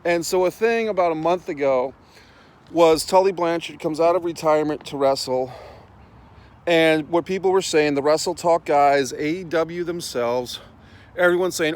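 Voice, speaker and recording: A man's voice: fairly high pitch, normal speed, rough recording. Blunt, profane man ranting outdoors. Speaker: host. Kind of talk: casual rant. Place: outdoors, walking in town.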